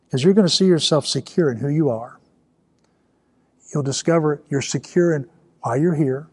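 A man's voice: fairly high pitch, a little mellow, husky, no room sound. A man preaching a sermon in a conversational way, building to emphatic peaks. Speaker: pastor.

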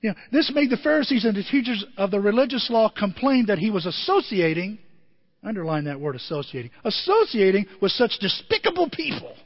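A man preaching a sermon as pastor, animated, swinging from loud emphasis to quiet asides. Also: high voice, fairly quick, in a large hall, lo-fi sound. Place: church.

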